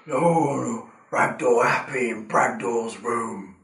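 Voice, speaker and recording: A timid, simple-minded ogre with a Cockney accent, voiced by a man, drawls out broken phrases. He talks slowly from well away from the mic, in an echoey room. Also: mid-range voice, creaky, fairly bright tone, recorded from a distance. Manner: broken simple speech, slow.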